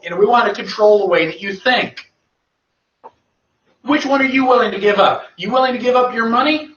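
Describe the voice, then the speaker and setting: A man lectures emphatically, answering his own rhetorical questions in a fairly high voice. The recording sounds dull and lo-fi, picked up from a distance in a reverberant room. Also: a bit bright. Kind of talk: lecture to a live audience.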